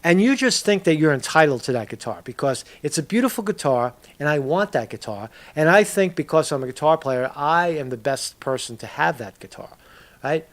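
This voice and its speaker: A man's voice: fairly high pitch, expressive, fairly quick. A man giving a casual commentary video, ranting in a profane, rambling way and tagging lines with "right?". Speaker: political commentator.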